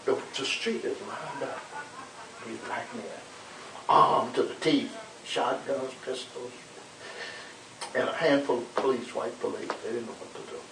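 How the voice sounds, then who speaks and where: An older minister recalls the past in a lively, storytelling voice, stumbling over repeated words as he goes. He sounds far from the mic in an echoey room. A steady hiss runs under the whole recording. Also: medium pitch, unhurried, gravelly. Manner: animated storyteller, dramatic quotes, many repeated words. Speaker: civil rights era minister recounting history. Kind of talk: conversational storytelling interview.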